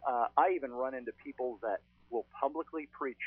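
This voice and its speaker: Male ghost-hunter guest, chatty storyteller, husky, dry phone sound. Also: medium pitch, fairly quick, hardly any pauses, no room sound. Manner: chatty, storytelling, frequent "uh" fillers. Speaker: paranormal investigator guest. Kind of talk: casual podcast chat. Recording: thin phone-line sound.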